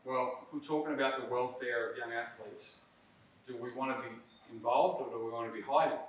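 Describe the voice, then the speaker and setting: A middle-aged man with a brisk, medium-pitched voice presents a coaching workshop in a presentation room. His style is conversational and emphatic, with frequent "right?" check-ins, recorded in a roomy hall on a distant mic with faint noise.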